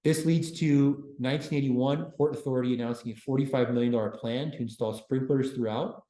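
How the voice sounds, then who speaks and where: A man giving a casual classroom history lecture as a university lecturer, breaking it up with deadpan joking asides. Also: medium pitch, brisk. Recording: roomy classroom echo.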